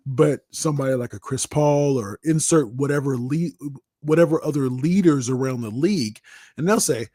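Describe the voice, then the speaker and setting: A man chatting about basketball in a mellow, slightly husky voice. He repeats himself as he goes and acts out little back-and-forth scenes to make a point. The sound is dry and close. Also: mid-range voice, brisk, no echo. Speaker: guest sports commentator. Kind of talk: casual sports talk.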